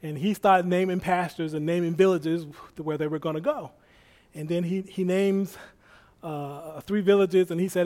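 Man, high voice, preacher, animated sermon storytelling, acts out quotes. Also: normal speed.

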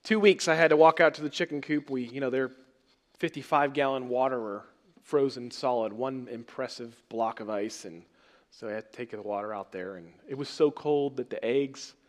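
A man preaching a sermon as pastor, swinging between loud emphatic phrases and soft, trailing words. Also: mid-range voice, normal speed.

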